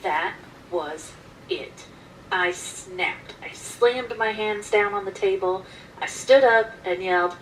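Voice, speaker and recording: A woman casually telling a personal story in an animated, emphatic way, recorded from some distance. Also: mid-range voice, slow pace, a little hiss or hum.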